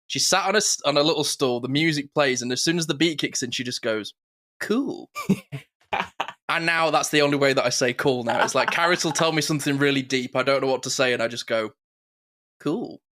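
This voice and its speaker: Podcast co-host, man, playful and animated, bright, forward tone. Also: mid-range voice, fast, few pauses. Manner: animated, playful, laughs often. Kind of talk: casual chat.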